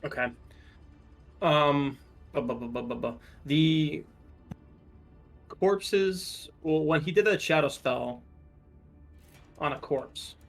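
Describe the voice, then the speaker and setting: A man playing a tabletop game, stammering and halting as he describes his turn. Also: fairly high pitch, faint music behind. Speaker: player.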